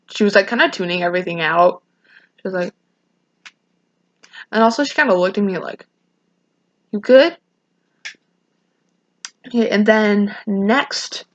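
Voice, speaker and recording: A woman's voice: mid-range voice, a bit bright, dull audio. A teenage girl vlogging a casual storytime rant, rambling with many restarts and acting out what people said. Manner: rambling, restarts often, quotes people in raised voices.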